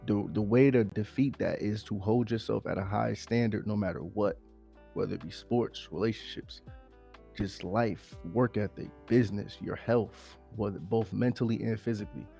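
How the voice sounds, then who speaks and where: A man co-hosting a podcast in casual motivational chat, sick and pausing to catch his breath. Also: fairly low pitch, steady tone, creaky, a little mellow, soft background music. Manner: pausing to catch breath, frequent "you feel me". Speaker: podcast co-host.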